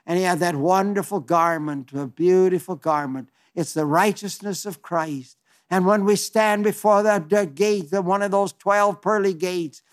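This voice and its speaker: A man in his nineties delivers a heartfelt sermon, his voice sitting noticeably high for a man. He speaks fervently and folksily, stumbling over restarts and circling back to his point. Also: fairly bright tone. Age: 90s. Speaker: preacher.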